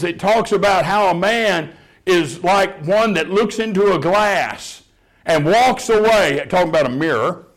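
A man preaching a sermon in a folksy storytelling way, chuckling at his own anecdotes. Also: sits high. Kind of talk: sermon with humorous stories.

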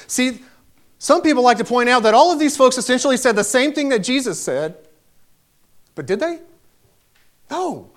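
A man's voice: very high voice, sing-song, normal speed, long pauses. A man preaching a sermon, telling a personal story with emphatic delivery that rises to raised exclamations.

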